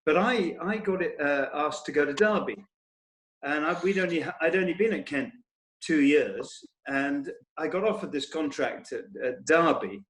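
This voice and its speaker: A man with a fairly high speaking voice recounts old cricket stories in easy panel chat. He drops into quoted voices as he goes, and the recording carries a noticeable room echo. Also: moderate pace. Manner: anecdotal, quotes others in lively voices. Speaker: former cricketer, guest. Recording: roomy echo.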